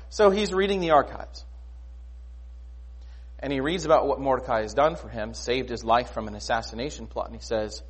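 A man preaching a sermon in a conversational, animated way, often asking rhetorical questions. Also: mid-range voice, normal speed, slightly rough. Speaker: pastor.

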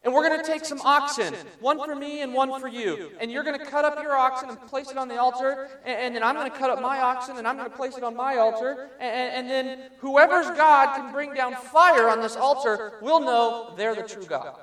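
A cocky prophet, as a preacher acts him out, jeers at his rivals in a loud, high, drawn-out voice. He bellows his taunts and lingers on them. The voice rings through a roomy space, picked up from a distance. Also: fairly even intonation. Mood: bold, declaring. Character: brash mocking male prophet, trash-talking rival.

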